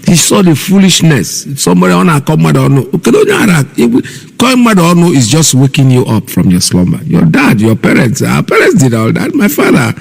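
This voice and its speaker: Gravelly Nigerian man mocking on air. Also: on the high side, sing-song, a little fast, long reverb tail. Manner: mocking, scolding, talks straight at listeners. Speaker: radio host. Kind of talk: live online radio commentary.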